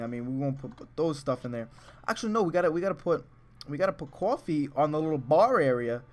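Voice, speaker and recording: A man rambling through casual gameplay commentary in an excitable, chatty way, drifting into little asides. His voice has a bright, forward edge and sits at an ordinary middle pitch for a man. Faint game music plays behind him. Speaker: let's play host.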